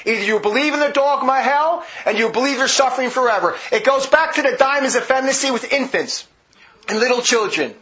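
A man with a very high, bright, forceful voice delivers a combative religious monologue, hammering each point with heavy emphasis. The recording is dull and lo-fi, with the top end muffled. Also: quick pace. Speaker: religious commentator. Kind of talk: polemical monologue.

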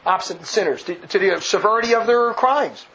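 A man's voice: sits high, a little fast, fairly bright tone. A man giving emphatic, sarcastic commentary on a speech, laughing at his own jabs. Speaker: religious commentator. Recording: dull lo-fi with faint noise.

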